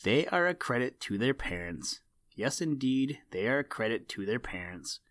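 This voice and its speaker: A man voicing a sly, sharp-eyed male crow who teases the others with mock kindness, in a storybook reading. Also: mid-range voice, sing-song, normal speed, no room sound. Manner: sly, chuckling, mock-kindly.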